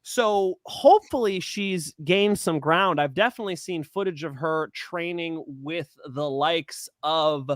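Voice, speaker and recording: A man's voice: on the high side, a little slow, few pauses, dry recording, clean studio sound. A man co-hosting a mixed martial arts betting show, joking and swearing freely in casual banter. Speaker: co-host of MMA betting show. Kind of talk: casual banter and fight picks.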